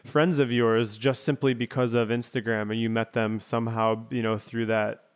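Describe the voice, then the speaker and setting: A man's voice: mid-range voice, little pitch movement, normal speed, clear, resonant tone. A man hosting a casual interview, asking long, winding, thoughtful questions. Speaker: podcast host.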